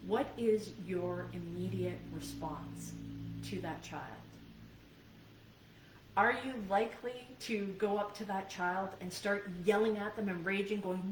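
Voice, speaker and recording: A woman's voice: medium pitch, unhurried. A woman coach giving a live video training in an earnest, conversational manner, often checking in with her listeners. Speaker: life and business coach. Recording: roomy sound from a distant mic, faint background noise.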